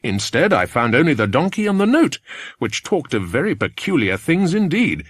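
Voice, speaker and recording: A man voicing a cheerful, confident grown man who tells his tale briskly, in an audiobook. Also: a little high, big pitch swings, fairly bright tone, no echo, clean studio sound, voice pushed up. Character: cheerful, confident adult man, kindly friend. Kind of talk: audiobook character voice.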